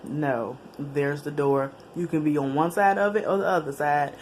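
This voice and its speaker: Here a vlogger recounts something from her own life in a low-pitched voice at normal speed. It's relaxed, chatty storytelling to camera, animated with slang and bursts of laughter, and there's a faint hiss behind her.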